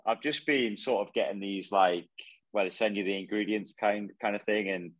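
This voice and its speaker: A man's voice: fairly low pitch, moderate pace, no room sound, poor audio. A man in his twenties from Northumberland, answering modestly and hesitantly with many fillers. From Northumberland, England. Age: 20s. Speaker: footballer guest. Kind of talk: casual interview.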